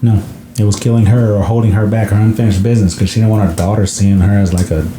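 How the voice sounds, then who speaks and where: A man's voice: fairly low pitch, flat delivery, quick pace, mellow, reverberant, a little hiss or hum. A man co-hosting a casual movie podcast, retelling scenes and acting out the characters' lines. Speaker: podcast co-host. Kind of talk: casual movie recap chat.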